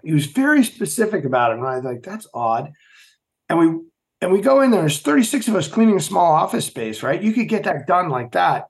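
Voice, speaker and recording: A middle-aged man telling stories as an interview guest, emphatic and animated, often asking rhetorical questions. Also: fairly high pitch, moderate pace. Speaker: podcast guest, former Navy SEAL. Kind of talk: storytelling interview.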